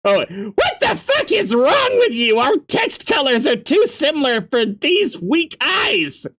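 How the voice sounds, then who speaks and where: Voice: high-pitched, wildly swooping pitch, unhurried, fairly bright tone, pitched above the performer's own voice, full character voice. A reader voicing a panicky young male alien troll who swears shrilly and frantically. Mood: panicked.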